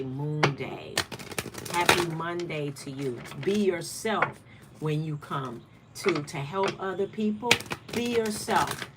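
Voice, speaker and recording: A woman's voice: sits low, heavy background noise. A woman from Michigan hosting a card-of-the-day livestream, talking bluntly and repeating her points for emphasis. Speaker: spiritual card reader, channel host. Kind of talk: casual livestream talk.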